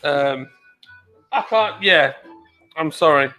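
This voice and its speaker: A man's voice: on the high side, animated, slow, bright, forceful tone, faint music behind. A man with a Yorkshire-tinged British accent, chatting casually, jokey and apologetic. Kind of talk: casual chat.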